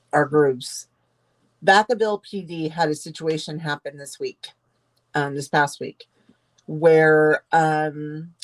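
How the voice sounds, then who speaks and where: A woman co-hosting a podcast in casual chat, telling a story earnestly and speaking with affection. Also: low-pitched. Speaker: podcast co-host.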